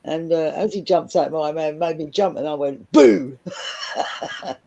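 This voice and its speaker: A woman's voice: sits low, steady tone, moderate pace, warm tone. A woman from London with a Cockney accent, chatting casually and telling frank stories with frequent laughs. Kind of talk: casual group chat.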